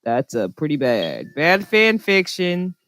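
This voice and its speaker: A woman's voice: low-pitched, wildly swooping pitch, slow, fairly bright tone, no echo. Sarcastic Jersey woman podcast host, dry mic. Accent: New Jersey. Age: 20s. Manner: blunt, sarcastic, laughing at herself. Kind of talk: casual chat. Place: online voice chat from home.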